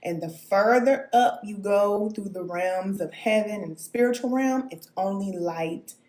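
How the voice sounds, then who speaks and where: A woman's voice: mid-range voice, measured pace, darkish tone, roomy sound. A woman giving a live-streamed spiritual talk as a spirit guide, answering viewer comments, emphatic and preachy, often checking in with "okay?" and chuckling. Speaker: self-described spirit guide.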